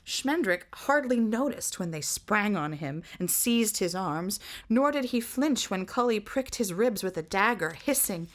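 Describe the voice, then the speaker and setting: A woman reading a fantasy novel aloud in an expressive, measured way. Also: mid-range voice. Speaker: reader.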